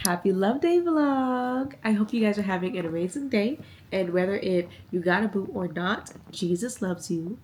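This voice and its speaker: A woman in her twenties chatting casually in a vlog, animated and talkative, a little sick. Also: medium pitch, moderate pace, slight background noise. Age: 20s. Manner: animated, chatty, squeals when excited. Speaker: vlogger.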